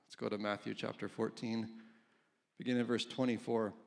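A man's voice: fairly low pitch, level tone, fairly quick, gravelly, a little mellow. A man preaching a casual, conversational sermon, reading scripture aloud and chuckling between points. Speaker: pastor.

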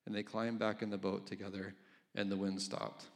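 A man's voice: fairly low pitch, flat delivery, moderate pace. A man preaching a casual, conversational sermon, reading scripture aloud and chuckling between points. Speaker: pastor.

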